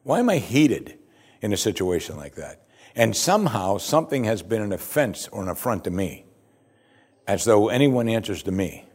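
A male pastor delivers a sermon in a fairly low voice. He is earnest and emphatic, leaning into key words and often letting his phrases fall to a hush. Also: big pitch swings, moderate pace, husky. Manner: earnest, emphatic, often dropping to a hushed close.

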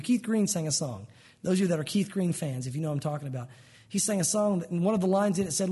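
A man preaching a sermon in an animated way, acting out little scenes with comic voices. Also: sits high, quick pace, breathy edge. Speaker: pastor.

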